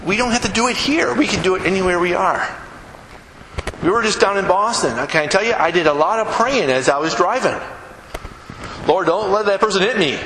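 A man preaching a folksy, animated sermon to his congregation, joking and reading scripture. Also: high voice, echoey room, in a large hall, a little hiss or hum, low-quality recording. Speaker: pastor. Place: church sanctuary.

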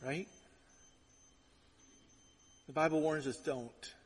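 A middle-aged male pastor delivers a sermon in a lively, storytelling manner. His voice sits a bit high, and he often restarts his phrases. A long reverb trails after him, as in a large sanctuary. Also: breathy edge. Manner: storytelling, animated and conversational, with quick repeated restarts.

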